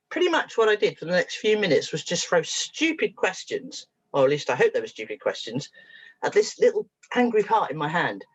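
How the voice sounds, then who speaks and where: A woman with a low, slightly husky voice speaks to an audience as a therapist. Her pitch swings widely as she jokes at her own expense. The recording sounds dull and lo-fi. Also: fairly quick. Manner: lively and humorous, with frequent laughs and self-mockery. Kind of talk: storytelling talk to an audience.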